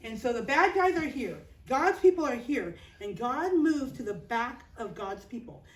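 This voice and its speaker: A woman with a high, bright voice tells a Bible story to children in a lively, playful way. The sound is roomy. She is recorded from a distance. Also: normal speed.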